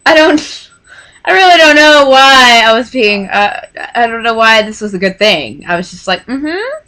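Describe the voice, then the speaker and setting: A woman's voice: a little high, moderate pace, clear, resonant tone. A woman in her twenties casually telling a story, acting out what people said. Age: 20s. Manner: animated, acts out dialogue with quoted voices. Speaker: vlogger.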